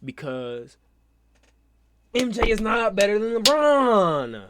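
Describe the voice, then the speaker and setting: A man's voice: sits high, big pitch swings, slow pace, noisy background. A young man hosting a reaction video, talking bluntly and with lots of profanity, sounding exasperated. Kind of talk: casual reaction commentary.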